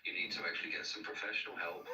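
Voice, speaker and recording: A man calling into a livestream, lecturing in a calm, cutting way. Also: low voice, rapid-fire, background noise. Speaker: caller on a livestream. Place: London. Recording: echoey call audio from far off.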